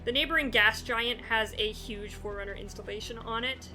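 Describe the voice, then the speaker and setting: Bright-voiced woman podcaster, animated. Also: on the high side, fairly quick, faint music behind. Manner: animated, acts out characters with exaggerated quips. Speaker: podcast co-host. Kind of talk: casual podcast chat.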